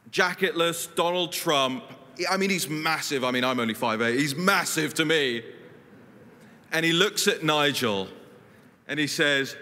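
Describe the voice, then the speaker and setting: Casting: lively male speaker, bright forceful voice, punchy anecdotes, echoing hall. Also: on the high side. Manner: animated, emphatic, punchy storytelling. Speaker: guest speaker. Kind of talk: political speech with anecdotes. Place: conference hall. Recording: reverberant hall.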